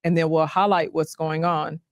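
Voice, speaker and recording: A woman's voice: low voice, little pitch movement, moderate pace, no echo. A woman speaking as a dating coach, explaining patiently in a casual interview and laughing often.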